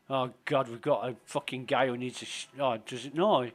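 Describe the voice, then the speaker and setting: A man's voice: mid-range voice, fairly even intonation, normal speed. A man, streaming a game live and giving rambling, profane, sardonic commentary.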